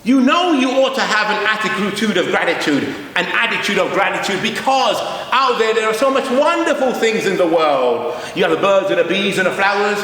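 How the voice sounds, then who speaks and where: A man voicing a calm, knowing wise old woman who lectures slowly. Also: high-pitched, heavy reverb, in a large hall, far from the mic. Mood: lecturing. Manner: slow, lecturing.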